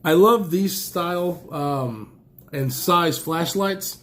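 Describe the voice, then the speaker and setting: Casual excitable male gear reviewer, slightly raised pitch, allergy-stuffed, rambling. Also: slow. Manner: enthusiastic, rambling, exclaims often. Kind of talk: casual unboxing chat.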